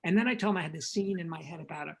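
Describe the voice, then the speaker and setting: An older man, a film director and interview guest, telling animated anecdotes and acting out the dialogue in them. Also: a little high, very fast, gravelly, slightly rough, poor audio. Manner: lively raconteur, acts out quoted dialogue, frequent repetitions.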